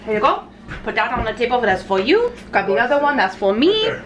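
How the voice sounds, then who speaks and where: A woman's voice: a little high, big pitch swings, brisk, lo-fi sound, noisy background. A woman filming a casual home vlog in her family kitchen, playful and chatty, dropping into silly voices now and then. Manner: playful, slips into silly voices and put-on accents. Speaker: vlogger.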